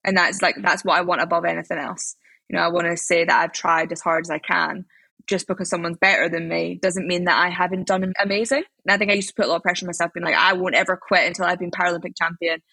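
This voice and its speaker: A woman's voice: lowish voice, level tone, vocal fry, sharp tone, slightly rough, dry recording. A young woman, a podcast guest, talking in a rambling, upbeat way in a casual interview. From Scotland. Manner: rambling, upbeat, quick talker.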